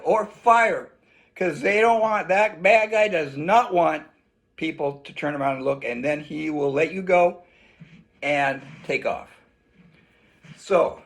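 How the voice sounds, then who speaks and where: Male instructor, high voice, children's lesson, animated delivery. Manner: animated, acts out shouts for kids. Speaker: self-defense instructor.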